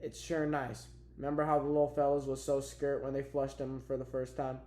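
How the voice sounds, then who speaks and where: A man's voice: mid-range voice, monotone, fairly quick, a little mellow, natural voice. A wry older farmer teases in a dry rural drawl, voiced by a man reading aloud. Room echo hangs around the voice. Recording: roomy echo.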